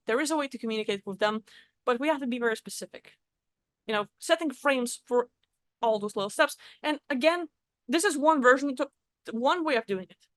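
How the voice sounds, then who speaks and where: A woman's voice: sits high, dry recording. A woman giving a casual, blunt spoken talk on spiritual practice, swearing freely as she explains. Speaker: spiritual vlogger. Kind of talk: casual teaching monologue.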